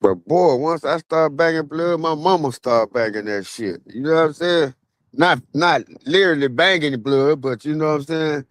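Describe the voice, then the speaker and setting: A young man talks in a laid-back, slangy way, circling back with fillers as he tells his story. His voice sits a little higher than most men's. The sound is dry and close, with little room around it. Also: moderate pace, dry recording. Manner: relaxed, slangy street talk with many fillers. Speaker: vlogger. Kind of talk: casual storytelling monologue. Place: outdoors at a graveside.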